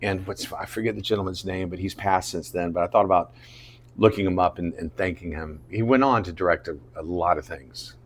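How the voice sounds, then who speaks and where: A man from Jacksonville, Florida, telling an animated story as a podcast guest, dropping to a hush and then rising loud. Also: deep voice, a little fast. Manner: dramatic, swings between loud and hushed. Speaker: guest, actor.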